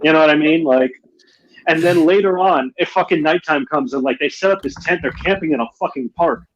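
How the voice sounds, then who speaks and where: A man's voice: fairly high pitch, brisk, a little hiss or hum. A man co-hosting a casual chat show, telling stories with heavy swearing and acting out quotes. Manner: animated storyteller, heavy swearing, acts out quotes. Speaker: podcast co-host. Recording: muffled lo-fi mic.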